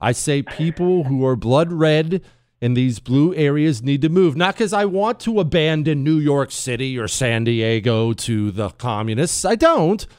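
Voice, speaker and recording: A male talk show host speaks with a smooth, resonant voice into a close studio mic. The sound is dry and without room echo. He talks with emphatic sarcasm, swinging between mock glee and flat scorn. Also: on the high side, unhurried. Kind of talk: opinion talk show monologue.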